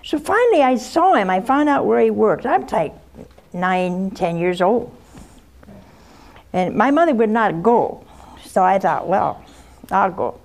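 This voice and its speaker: A woman's voice: medium pitch, expressive, measured pace, pauses often. An older woman, a nun hosting a call-in show, giving frank spiritual advice and telling stories from her own life in a folksy, direct way. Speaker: nun and host answering callers. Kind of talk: spiritual advice and personal storytelling.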